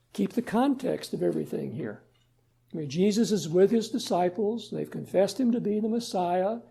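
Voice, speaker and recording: A man's voice: sits high, animated, moderate pace, gravelly, warm tone, slightly rough. A man preaching a sermon as pastor, asking his listeners rhetorical questions and retelling scripture in everyday words. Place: church sanctuary.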